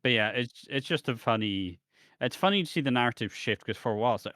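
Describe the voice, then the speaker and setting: Man, british, podcast co-host, lowish voice, dry close sound, rambling casual recap. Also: quick pace, fairly bright tone, no room sound. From Britain. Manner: rambling recap with restarts and laughs. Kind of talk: casual chat.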